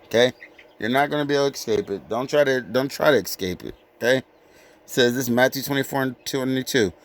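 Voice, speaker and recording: A man giving an informal sermon, reading scripture slowly and with weight, then breaking into blunt, profane street talk. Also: mid-range voice. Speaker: scripture teacher.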